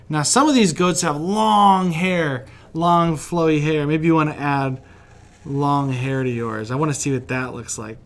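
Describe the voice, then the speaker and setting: A man from West Virginia, chatty and encouraging, teaching a children's drawing lesson while he sketches. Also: a little high. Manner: friendly, chatty, encouraging, laughs often. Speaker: kids' art teacher.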